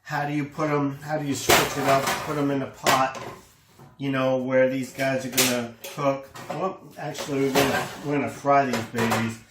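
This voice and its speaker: A man's voice: mid-range voice, level tone, normal speed. A man casually demonstrating a recipe in a kitchen, enthusiastic and exclaiming over the food as he works. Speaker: home cooking host. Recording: echoey room, faint noise.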